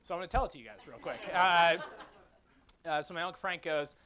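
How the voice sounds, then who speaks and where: A man's voice: on the high side, fast, pushed and bright. A man co-hosting a live comedy talk show, telling rambling jokey stories with lots of fillers. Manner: rambling, joking storyteller with filler words.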